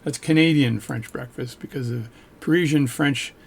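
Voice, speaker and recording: A man's voice: medium pitch, normal speed, creaky, a little hiss or hum. A man who repairs watches, reviewing a book in a rambling, casual way, with frequent joking asides and self-interruptions. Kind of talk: casual talk on camera.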